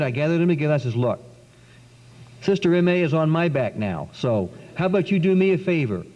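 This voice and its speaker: A middle-aged man giving a religious testimony talk, telling his story with lively acted-out quotes. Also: sits high. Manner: animated storyteller, acts out quotes. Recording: dull 1990s recording in a reverberant hall.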